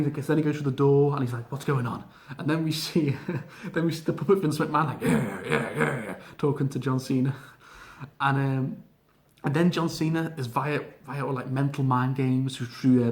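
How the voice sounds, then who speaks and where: A man giving an excitable, gushing casual video review of a wrestling event, with frequent laughs and filler words. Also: medium pitch.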